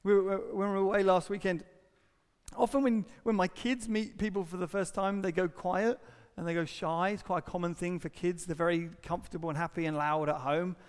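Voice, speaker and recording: A middle-aged man, a pastor, preaching an earnest sermon and acting out quotes and stories with lively shifts. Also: sits high, a little fast, clear, resonant tone, in a large hall. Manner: earnest, animated storytelling with acted-out quotes.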